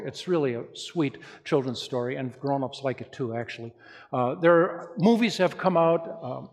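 A male pastor preaching a sermon, telling stories in a lively way and speaking straight to his congregation. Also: mid-range voice. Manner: lively storytelling preacher, addresses the congregation directly. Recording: long reverb of a large hall.

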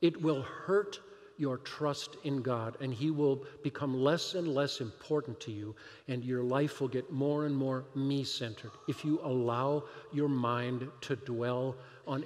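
A pastor delivering a sermon, animated and emphatic, firing rhetorical questions at the congregation. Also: male voice, medium pitch, unhurried, big-room sound, slight background noise.

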